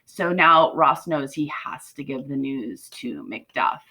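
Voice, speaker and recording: A woman teacher talking casually through a play for her students, often checking in with "right?" and retelling scenes in lively paraphrase. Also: extremely low pitch, slow, low-quality recording. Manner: conversational, asks "right?" often, paraphrases lines in lively quotes.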